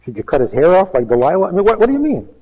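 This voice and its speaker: A man's voice: sits high, huge pitch swings, very fast, dark tone, husky, low-quality recording. A man, a rabbi, giving an emphatic teaching talk full of rhetorical questions and acted-out quotes.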